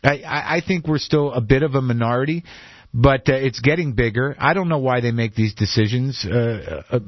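A man's voice: medium pitch, no echo. A man hosting a call-in radio talk show, rambling and self-deprecating in a conversational way. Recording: dull lo-fi radio broadcast.

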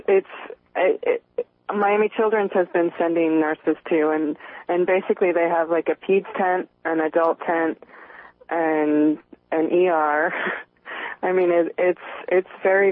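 Excited woman nurse on a tinny phone. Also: deep voice, no echo. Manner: excited, tumbling, many restarts. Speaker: nurse, caller. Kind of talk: phone-in call. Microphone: telephone.

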